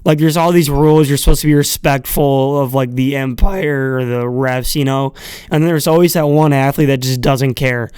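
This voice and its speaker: A man talks on his own in a loose, rambling podcast monologue, with many fillers and little chuckles between thoughts. His voice is smooth and resonant at a middle pitch, and the sound is close and dry. He swears freely in an easygoing, irreverent way. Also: fairly even intonation, normal speed, darkish tone, no room sound. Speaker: podcast host. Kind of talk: casual solo monologue.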